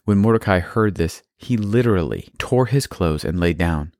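A man's voice: sits low, expressive, moderate pace, darkish tone, no echo, studio quality. A man narrating a Bible story for children, plainly with playful asides.

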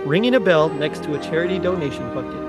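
A man's voice: on the high side, animated, quick pace, music in the background. A man hosting a podcast, reading a skit script aloud and giggling through it. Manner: giggly, breaking into laughter while reading. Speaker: podcast host.

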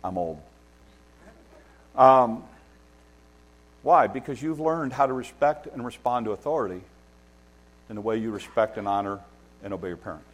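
A man's voice: mid-range voice, moderate pace, pauses often, dull audio. A man preaching a sermon as pastor, emphatic and repeating key points for stress.

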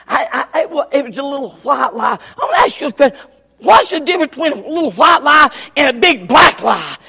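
A man preaching a revival sermon in a church, swinging from shouted lines to hushed, near-whispered ones. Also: very high-pitched, vocal fry. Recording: church hall reverb.

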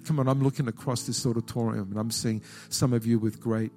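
A man's voice: mid-range voice, fairly even intonation, fairly quick, warm tone, faint music behind. A male pastor preaching a sermon in an auditorium, repeating key phrases and putting questions to the congregation.

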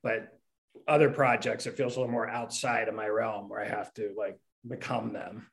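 A man's voice: lowish voice, steady tone, normal speed, gravelly. A comedy writer and stand-up comic answering interview questions in a long-winded, rambling way, often restarting his sentences.

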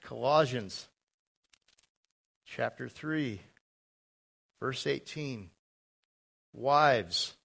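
Slow, emphatic male preacher. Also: medium pitch, vocal fry, a bit bright, husky. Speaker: pastor. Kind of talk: sermon.

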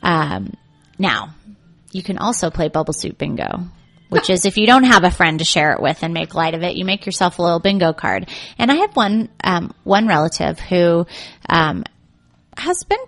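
Animated woman coach giving advice. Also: fairly low pitch, normal speed. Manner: animated, acts out quoted voices, laughs often. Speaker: executive coach. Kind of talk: casual advice chat.

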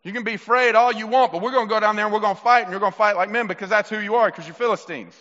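Guy doin a bossy philistine war chief barking orders, bright high voice, big echoey hall. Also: wildly swooping pitch, fast, breathy edge, dull audio, exaggerated voice. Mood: rallying. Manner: commanding, rallying. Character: blustering male Philistine war leader.

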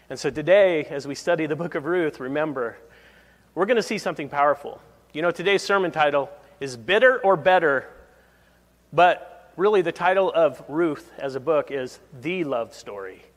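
A male pastor delivering a relaxed, conversational sermon, breaking into easy chuckles as he tells his stories. His voice sits a touch higher than most men's and rings out with the long reverb of a church hall. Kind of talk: verse-by-verse sermon.

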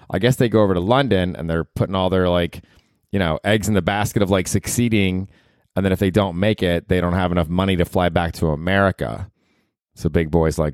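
Guy with a real low voice riffing on his podcast, swears a lot, says like constantly, super dry sound. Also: fairly even intonation, a little fast, darkish tone, clear, resonant tone, no room sound. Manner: loose and rambling, heavy "like" and swearing; slips into mocking voices for people he quotes. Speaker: podcast host. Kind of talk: casual comedic monologue.

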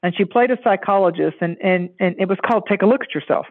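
A man with a high-pitched voice chats loosely and tells stories, slipping into the voices of people he quotes. His voice comes through a thin, narrow line, as if over a phone. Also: quick pace. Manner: animated, acts out quoted voices. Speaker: podcast guest. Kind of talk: casual storytelling chat.

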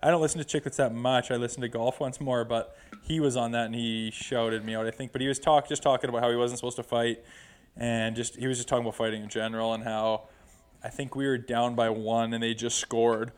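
On a podcast, a middle-aged man who once played pro hockey rambles through profane, loose stories in casual conversation. His mid-range voice is smooth and flat, moving a little fast.

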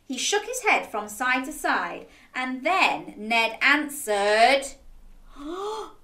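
A woman reads a children's picture book aloud, slowly and expressively, with a bright, lively, swooping voice. She invites young listeners to join in. Her voice echoes in the room around her. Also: sits high. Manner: animated, interactive, asking listeners to join in. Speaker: children's storyteller.

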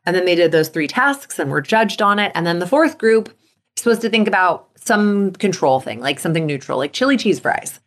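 A woman hosting a motivation podcast as a coach. She talks in an upbeat way and acts out inner thoughts in a lively voice. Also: lowish voice, fairly quick.

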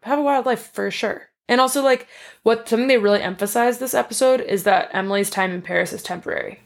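A woman's voice: on the high side, quick pace, vocal fry. Chatty woman recapping a show. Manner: chatty, recaps plot, laughs often. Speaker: podcast co-host. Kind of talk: casual chat.

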